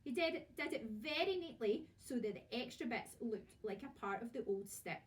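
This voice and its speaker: A Scottish primary school teacher reads a children's story aloud with lively expression at a moderate pace. Her voice sits fairly high, and she sounds some distance from the microphone in a classroom.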